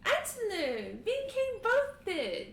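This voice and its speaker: A woman's voice: extremely high pitch, huge pitch swings, slow, vocal fry, exaggerated voice. A woman voicing a small, eager girl in a tabletop game, earnest and childlike, recorded roomy and far from the mic.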